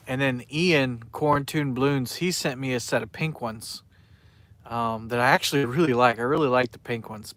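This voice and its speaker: A man with a drawl talks casually through a long fishing live stream. His pitch sits in an ordinary middle range, and he rambles along, greeting viewers by name. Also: a bit bright, no room sound. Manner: rambling, chatty, reads out viewer names. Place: outdoors by the water at night.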